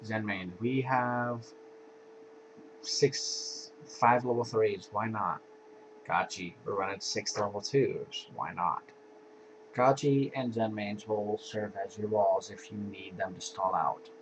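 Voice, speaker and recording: A man's voice: lowish voice, slow. A man casually walking through his card game deck in an offhand, laid-back way, with sighs and yawns between cards. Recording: dull lo-fi home recording with faint hiss.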